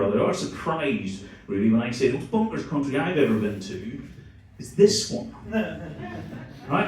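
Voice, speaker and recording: Irish stand-up comic, fairly high voice, profane crowd-teaser, echoing club room with the mic at a distance. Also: male voice, slight background noise. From Ireland. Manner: profane, teasing, fast storytelling. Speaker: stand-up comedian. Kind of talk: stand-up comedy with crowd work. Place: comedy club stage. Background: audience laughter.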